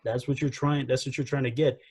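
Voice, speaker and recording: This podcast co-host is a man with a medium-pitched, husky, darkish voice, delivered flatly and at a brisk clip with no room sound. He rambles and repeats himself while sharing views on wrestling, frequently saying "you know" and "again."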